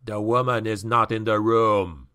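A man voicing a bestial male demon hunter wearing a boy's body, gruff and grunting, in an audiobook. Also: lowish voice, steady tone, unhurried, sharp tone, voice pushed down. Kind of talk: audiobook character voice.

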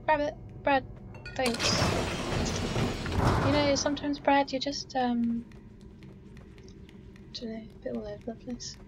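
A woman's voice: sits high, measured pace, long pauses, music in the background. A woman playing through a game, talking to herself with frequent swearing and exclamations. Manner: chatty self-talk, swearing and exclaiming. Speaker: let's play gamer. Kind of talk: casual gameplay commentary. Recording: dull lo-fi mic with steady background noise.

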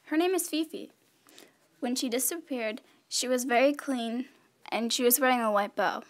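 A woman reading a children's story, voicing a practical, helpful girl in a brisk, take-charge way. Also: a little high, close to an everyday voice. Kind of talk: character voice in a read-aloud story.

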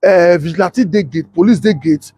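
A young man with a Nigerian Pidgin accent telling a comic story, animated and laughing often. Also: sits high, normal speed, breathy edge. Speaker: comedian storyteller.

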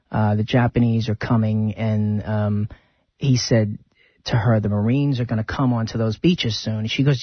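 A man's voice: mid-range voice, slightly rough, dry recording, highs cut off. A man hosting a radio show, chatting casually and rambling through film stories.

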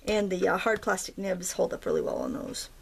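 A woman's voice: on the low side, wildly swooping pitch, a little fast, creaky, slight background noise. A woman from Maine with a light Maine accent, chatting and joking her way through a casual craft demonstration at home. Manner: chatty, jokey, thinks aloud while working. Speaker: craft tutorial host.

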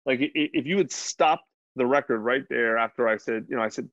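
A man speaks as an interview guest, telling a personal story in a loose, candid, rambling way with plenty of fillers and the odd curse. His voice sits at an ordinary pitch for a man. The recording is muffled and lo-fi, with a dead, dry sound. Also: fairly quick, fairly bright tone, dry recording. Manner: candid, rambling, swears freely, lots of fillers. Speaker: podcast guest. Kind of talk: casual storytelling.

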